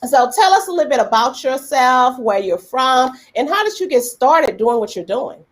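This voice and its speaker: Lively, high-voiced woman host. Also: moderate pace. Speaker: podcast host. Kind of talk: interview questions.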